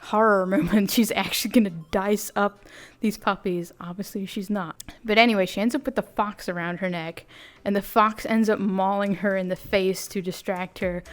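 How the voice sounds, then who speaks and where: A woman giving a casual, animated recap of a cartoon while she draws, slangy and amused. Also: mid-range voice, normal speed. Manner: animated, amused, often laughing; slangy, conversational. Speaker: video creator.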